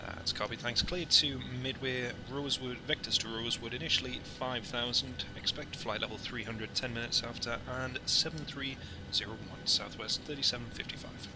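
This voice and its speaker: A man chats casually and jokily with his live-stream viewers, wandering off on tangents between radio calls. His voice sits in a middle pitch over a clear, steady background hum. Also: normal speed. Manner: chatty, jokey, rambling asides to viewers. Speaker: flight sim streamer.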